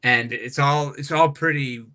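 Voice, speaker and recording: Guest musician, male, bright forward voice, rambling and animated storyteller. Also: medium pitch, a little slow. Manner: rambling, animated anecdotes with many restarts. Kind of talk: casual podcast storytelling.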